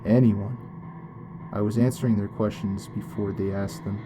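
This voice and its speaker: A man reading a first-person story as scripted narration, in a measured, even way. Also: on the low side, music in the background.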